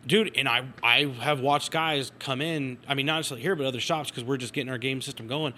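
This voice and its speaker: Bright-voiced joking man on a podcast. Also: mid-range voice, fast talker, slight background noise. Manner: profane, joking storyteller, laughs often. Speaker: podcast guest, collectibles shop owner. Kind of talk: casual podcast chat.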